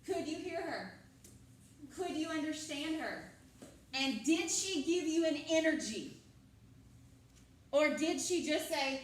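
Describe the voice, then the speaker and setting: A drama teacher with a high-pitched, lively voice speaks slowly and pauses often, quizzing her students and repeating their answers during a classroom lecture. The echoey school classroom is picked up from a distance, with a little hiss or hum.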